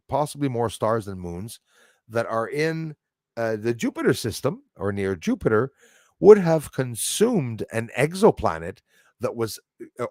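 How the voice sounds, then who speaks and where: A man in mid pitch hosts a live stream, talking loosely and chatting with his viewers. He rambles, laughs often and trails off mid-thought. His voice is close and dry, with no room echo. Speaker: livestream host reading chat. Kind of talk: rambling casual live chat.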